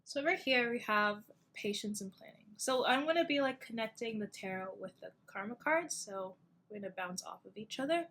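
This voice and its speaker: A woman's voice: a little high, expressive, moderate pace, a bit bright, a little hiss or hum. A young woman giving a casual tarot reading, chatty and loose, with many fillers and asides, sounding tired. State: tired, yawning. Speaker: tarot reader.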